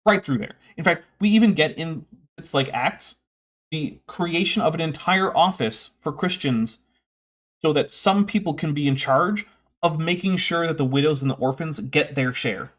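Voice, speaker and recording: A man's voice: fairly high pitch, normal speed, a bit bright. A man hosting a livestream, giving opinionated commentary with sarcastic asides and reading out viewer comments.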